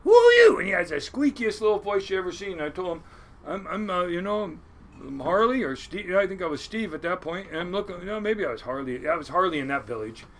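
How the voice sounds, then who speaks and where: In an interview, a crab boat captain in his sixties recounts his life story, animated and salty, doing voices for the people he quotes. His voice is high and he talks fast.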